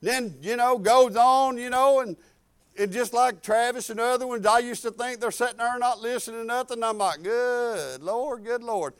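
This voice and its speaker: An older pastor preaches in a rambling, fervent way, full of restarts and hallelujahs. His voice sits high for a man. The sound is dry and close, with little room in it. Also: steady tone, normal speed, fairly bright tone, smooth, dry recording. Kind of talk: sermon.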